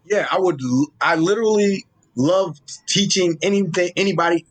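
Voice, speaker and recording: A man's voice: sits high, normal speed. A young man with a New York accent, talking casually and with energy as an interview guest, often restarting his words. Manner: animated, street-casual, repeats and restarts words. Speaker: guest, social media Tolkien explainer.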